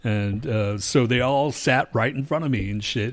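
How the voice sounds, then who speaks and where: A man spinning a rambling, profanity-laced story in casual chat, acting out the voices of people in it. His voice sits at an ordinary middle pitch, loose and chatty. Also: normal speed, a little hiss or hum. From lives in Denver. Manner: profane, rambling, acts out quotes.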